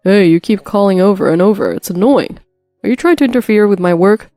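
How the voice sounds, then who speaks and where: A woman's voice: on the low side, lively intonation, a little fast, warm tone, dry recording, clean studio sound, faint music behind. A woman voicing a callous middle-aged husband who talks in a curt, irritated, dismissive way, in a narrated story.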